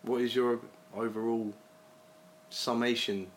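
A man's voice: mid-range voice, level tone, measured pace. Man hosting a podcast, joking and laughing often, light background hiss. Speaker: podcast host. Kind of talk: casual banter.

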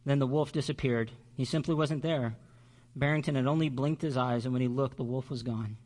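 A male pastor reading a children's story aloud during a sermon, expressive and measured. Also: medium pitch.

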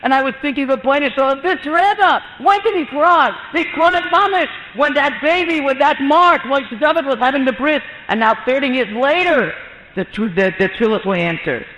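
A man who works as a mohel, telling an inspirational religious story with animated delivery and acted-out quoted voices. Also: normal speed. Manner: animated, acts out quoted voices with rising pitch. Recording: muffled lecture in a reverberant hall.

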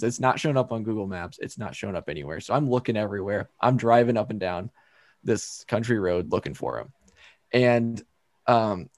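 A young man co-hosting a podcast, telling stories in an animated way and laughing often. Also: fairly low pitch, no room sound, studio quality. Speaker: podcast co-host. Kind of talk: casual chat.

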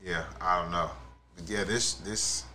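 A man's voice: deep voice, steady tone, a little slow, crowd noise. A man co-hosting a casual chat, laid-back and reflective, often trailing off and restarting. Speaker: podcast co-host.

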